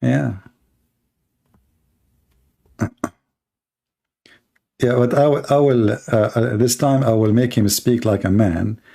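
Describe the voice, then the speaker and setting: A man hosting a live-streamed call-in debate, talking in a mocking, sarcastic way and laughing at his callers, with halting restarts. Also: mid-range voice, gravelly, warm tone.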